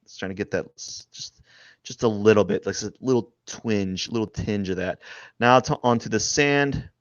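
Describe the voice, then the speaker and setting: A man streaming live as he draws, rambling and thinking aloud, restarting his sentences and often trailing off quietly. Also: fairly low pitch, moderate pace, no echo, muffled recording. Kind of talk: casual live-stream narration while drawing.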